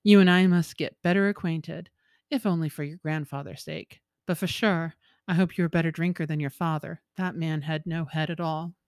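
A woman's voice: low-pitched, steady tone, moderate pace, darkish tone, dry recording, clean studio sound. A woman voicing an old male merrow, a jovial and sly sea creature, in a folktale reading with coaxing, teasing banter.

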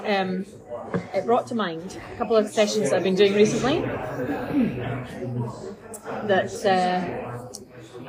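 Scottish woman chatting in a noisy café. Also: medium pitch. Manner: chatty, laughs often. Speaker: podcast co-host, dog behaviourist. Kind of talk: casual chat. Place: busy coffee shop. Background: café crowd chatter.

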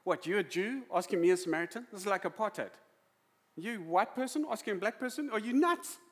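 A sarcastic, cocky woman at a well, as a preacher puts her on, pitched up and scoffing. She sounds mocking and incredulous, her still plain under the put-on voice. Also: expressive, a little fast, big-room sound.

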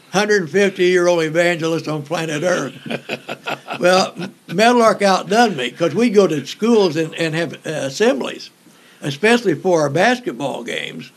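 Older male evangelist, high gravelly voice, slow folksy storytelling, halting fillers. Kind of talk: storytelling in an interview.

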